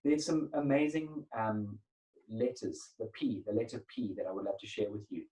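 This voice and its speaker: A man presenting an etiquette webinar over a video call, emphatic and energetic. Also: fairly low pitch, moderate pace, recorded from a distance, low-quality recording. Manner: emphatic, energetic, acts out phone calls. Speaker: etiquette trainer.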